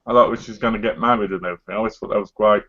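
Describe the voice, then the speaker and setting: A man's voice: on the low side, fairly even intonation, rapid-fire, a bit bright, highs cut off. An English man co-hosting a casual live chat, blunt, sweary and mock-boastful. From England. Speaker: co-host. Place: living in America.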